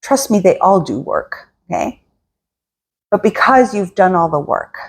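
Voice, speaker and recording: A woman's voice: fairly low pitch, big pitch swings, unhurried, gravelly, slightly rough. A woman working as a spiritual coach, giving a casual motivational talk and acting out inner voices in quotes.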